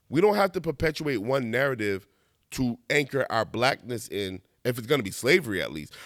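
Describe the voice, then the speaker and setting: Man, conversational monologue host, lively pitch, dry booth-like sound. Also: no echo. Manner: animated, conversational, laughs at himself, slangy asides. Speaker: video essayist. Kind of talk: casual monologue.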